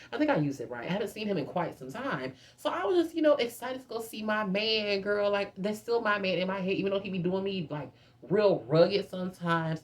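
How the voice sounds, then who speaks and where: A woman in her twenties telling a storytime in a chatty, animated way, constantly addressing her viewers as "girl.". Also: medium pitch. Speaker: vlogger. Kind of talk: casual storytime.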